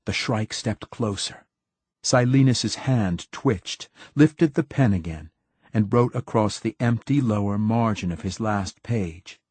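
A man narrating an audiobook with a measured, dramatic reading. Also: on the low side, darkish tone, husky, no echo. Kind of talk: scripted narration.

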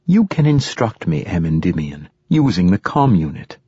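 A man reading aloud voices a male android who speaks in a measured, formal and logical way. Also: deep voice, very animated, warm tone, slightly rough, no echo, exaggerated voice. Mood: calm.

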